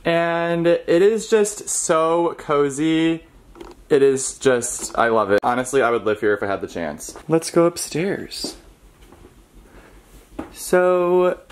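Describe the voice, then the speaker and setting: A man in his twenties, chatting excitedly to a handheld camera on a solo road trip. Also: a little high. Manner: excitable and chatty, talking to himself on a solo drive. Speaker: vlogger. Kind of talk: casual travel vlog talk to camera. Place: in a car and outdoors on rural roads. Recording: audible car and outdoor noise.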